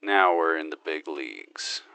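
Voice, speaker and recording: A man's voice: very deep voice, expressive, measured pace, gravelly, bright, forceful tone, smooth, no room sound, full character voice. A man voicing a cocky, gun-loving male space marine hero who brags, wisecracks and makes his own gun sound effects in an in-character game monologue.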